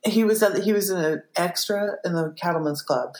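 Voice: mid-range voice, echoey room. A podcast co-host joking and reacting in casual chat. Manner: jokey, quick reactions.

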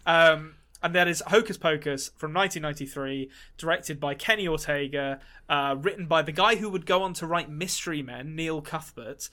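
A man's voice: on the high side, normal speed, hardly any pauses, pushed and bright. A man co-hosting a movie podcast in casual chat, rambling and swearing freely with many restarts. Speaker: podcast co-host.

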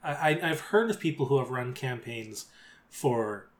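A man's voice: medium pitch, lively intonation, measured pace. A man hosting an interview, chatting loosely about running tabletop games. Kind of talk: casual interview chat.

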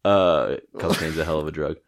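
A young man with a very deep, low-set voice chats loosely on a podcast. He rambles and swears freely, and tosses out jokes as he goes. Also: steady tone, normal speed. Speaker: podcast co-host. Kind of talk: casual chat.

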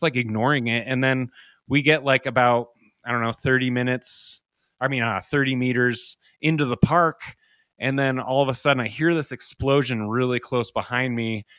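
A man's voice: mid-range voice, normal speed, fairly bright tone, no echo, studio quality. A young man, a podcast guest, telling a story in a loose, profane way with lots of "like". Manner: loose and profane, heavy use of "like". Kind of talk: casual spoken storytelling.

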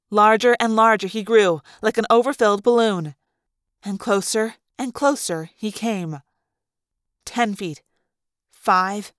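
A woman narrating a first-person novel aloud for a fan-made audiobook, in a lively, dramatic storytelling manner. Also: mid-range voice, dry recording, studio quality. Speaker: audiobook reader.

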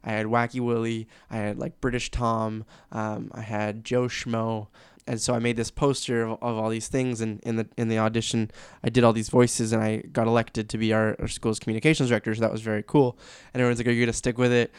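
A man's voice: fairly low pitch, level tone, brisk, few pauses, clear, resonant tone, dry recording. A young man from Canada, a sports announcer guest, chatting candidly and laughing easily. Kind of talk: casual interview chat.

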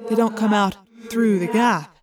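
A woman voicing a calm, observant teenage boy in an audiobook. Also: medium pitch, measured pace, close to an everyday voice. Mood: explaining.

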